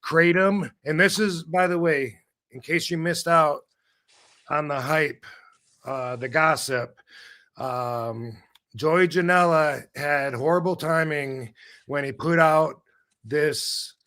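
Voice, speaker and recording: A middle-aged man hosting a casual livestream chat, talking bluntly and rambling through animated stories. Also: a little high, takes it slowly. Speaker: podcast host. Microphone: video call.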